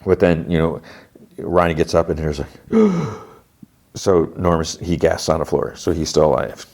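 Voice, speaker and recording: A man's voice: deep voice, sing-song, moderate pace, darkish tone. A male podcast host recapping a TV episode in a chatty way, full of fillers, acting out the dialogue.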